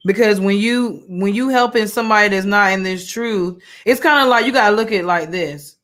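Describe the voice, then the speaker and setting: A woman's voice: mid-range voice, fairly quick, a bit bright. Woman preacher, casual storytelling sermon, rambling delivery. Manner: conversational, many fillers and restarts, colloquial. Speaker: women's Bible study teacher. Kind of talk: informal sermon with personal story.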